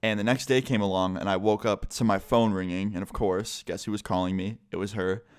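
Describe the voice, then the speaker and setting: A man's voice: fairly low pitch, fairly even intonation, brisk, clean tone. A young man telling a story on his vlog in a laid-back way, swearing and saying "like" constantly. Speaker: YouTuber.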